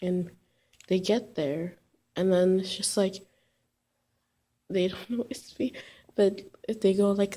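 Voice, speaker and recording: A woman's voice: medium pitch, fairly even intonation, takes it slowly, long pauses, warm tone. A woman casually telling a personal story, rambling with many fillers and restarts.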